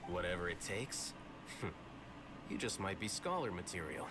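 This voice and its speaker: A man's voice: low-pitched, big pitch swings, normal speed, fairly bright tone. An actor playing a proud, eccentric male scholar in a game, speaking in a wry, self-assured way, heard as game audio with background noise.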